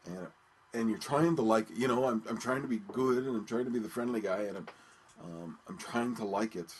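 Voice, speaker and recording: A man hosting his own podcast, talking casually and haltingly with many ums and restarts. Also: fairly low pitch, a little hiss or hum. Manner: rambling, hesitant, many ums and repeated words. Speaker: podcast host. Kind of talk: casual solo radio-show talk.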